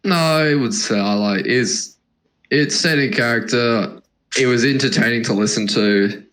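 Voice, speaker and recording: A man at mid pitch speaks in a casual review chat. He starts hesitantly, restarting his sentences before he settles. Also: a little slow, a bit bright, rough recording. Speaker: panelist.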